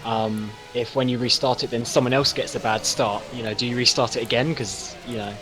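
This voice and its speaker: A man's voice: medium pitch, fairly even intonation, a little fast. A man co-commentating a live race, speaking hesitantly with many fillers. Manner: hesitant, many ums and uhs. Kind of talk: live sim racing commentary.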